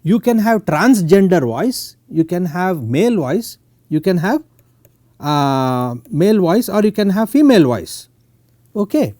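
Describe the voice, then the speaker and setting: Halting Indian male lecturer, mellow lively voice. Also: sits high, no echo, clean studio sound. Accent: Indian English. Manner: halting, full of "uh" and "okay" tags. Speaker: university lecturer. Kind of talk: technical lecture. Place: lecture recording.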